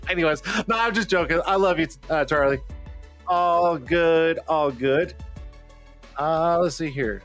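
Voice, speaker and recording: A man's voice: on the high side, takes it slowly, pauses often, fairly bright tone, soft background music. A man hosting a casual live online show, joking and teasing his guests and laughing often. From Colorado. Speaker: livestream show host.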